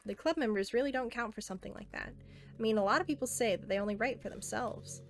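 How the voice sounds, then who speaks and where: A self-aware teenage girl from a game, read aloud by a woman, talks in an earnest, intimate way that slips into soft pleading. Her voice sits a touch high. Faint noise runs behind her. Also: quick pace, natural voice. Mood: tender. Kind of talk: reading game dialogue aloud.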